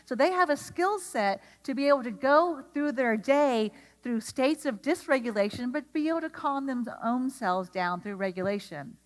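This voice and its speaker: A woman with a fairly high voice leads a lively workshop for teachers and keeps putting questions to the room. Her voice carries a long reverb from the lecture hall around her. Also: normal speed, hardly any pauses. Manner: animated, asks the audience questions. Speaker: speaker at an educator training.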